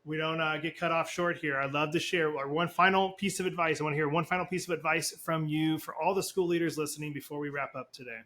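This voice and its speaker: Upbeat man with a bright voice. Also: fairly high pitch, steady tone, fast talker, few pauses. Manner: upbeat, enthusiastic. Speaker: podcast host. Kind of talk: podcast interview.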